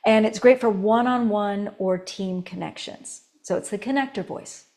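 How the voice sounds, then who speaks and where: A woman voice coach teaching a recorded course, animated, demonstrating tones and laughing between points. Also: normal speed. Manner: animated, demonstrating each tone with shifts in pitch and volume.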